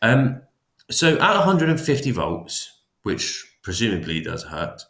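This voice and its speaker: A man's voice: lowish voice, sing-song, a little slow, gravelly, a bit bright, echoey room. A man teaching psychology in a casual, chatty lecture, often restarting and adding asides. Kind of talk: informal classroom lecture.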